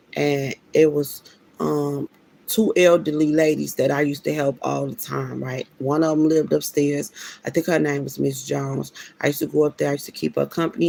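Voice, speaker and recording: A woman's voice: sits low, vocal fry, darkish tone. A woman telling a personal story in a casual, preachy way, emphatic and slangy, often restarting her sentences. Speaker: vlogger.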